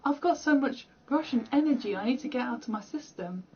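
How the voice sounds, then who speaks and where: Recorded at home, a young British gaming streamer talks fairly quickly in a high, expressive voice with a darkish, husky tone. The highs are cut off. She rambles casually while playing, laughing at herself self-deprecatingly.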